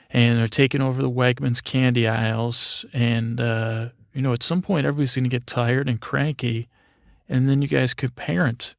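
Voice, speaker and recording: A man telling an improvised, absurd bedtime story in a halting, deadpan way full of fillers and restarts. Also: medium pitch, gravelly, dry recording, clean studio sound.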